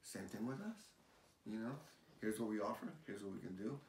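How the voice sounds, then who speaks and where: A realtor being interviewed, talking in an animated, rambling way and often repeating his phrases. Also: fairly low pitch, fairly quick. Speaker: realtor guest. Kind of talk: casual chat. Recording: roomy, distant mic, faint hiss.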